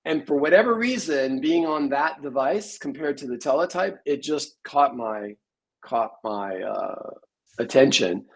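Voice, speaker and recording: A man's voice: medium pitch, expressive, unhurried, vocal fry, poor audio. A man in his sixties, a programmer, telling rambling stories in a casual interview. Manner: rambling storyteller, many fillers.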